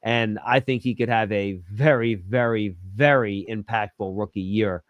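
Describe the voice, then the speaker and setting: Measured football analyst guest. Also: male voice, on the low side, steady tone, no room sound, dull audio. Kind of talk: interview answers.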